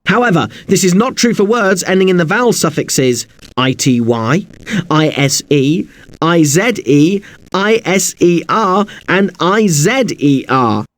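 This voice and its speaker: A man's voice: high-pitched, animated, a little slow, no echo. A man teaching an English spelling lesson, polite and a little apologetic, who spells words out letter by letter.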